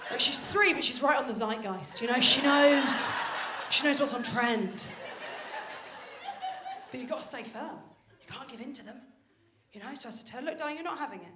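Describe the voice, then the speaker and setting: A woman performing a stand-up comedy set on stage, telling stories in a brash, animated way with plenty of swearing. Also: on the high side, fairly quick, pauses often. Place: stage of a live comedy venue. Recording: roomy live venue with faint noise. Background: audience laughter.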